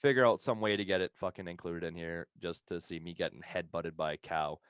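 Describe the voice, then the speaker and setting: A low-pitched man tells a long, rambling story on a podcast, swearing freely and laughing between lines. His voice is dry and close to the mic, with no room sound around it. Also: fairly even intonation, brisk, fairly bright tone, clean tone, no echo. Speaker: podcast co-host telling a story.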